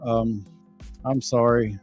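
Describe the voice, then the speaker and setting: A middle-aged man, hoarse and losing his voice. He chats casually on a livestream and reads viewer comments, rambling, swearing freely, and stumbling over repeated words. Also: medium pitch, fairly even intonation, slow, a little mellow, faint music behind. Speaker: livestream host.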